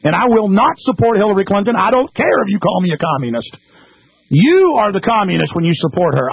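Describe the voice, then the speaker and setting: A man hosting a radio show, delivering an exasperated, rambling monologue with sudden swings in pitch, heard through tinny phone-like radio audio. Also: big pitch swings, brisk, vocal fry, slightly rough, no echo.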